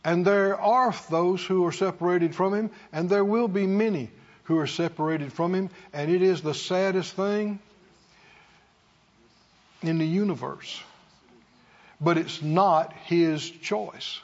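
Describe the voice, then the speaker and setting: A man's voice: high voice, takes it slowly, lo-fi sound. A man preaching a sermon in a church, with emphatic, repetitive call-and-response delivery. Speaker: pastor.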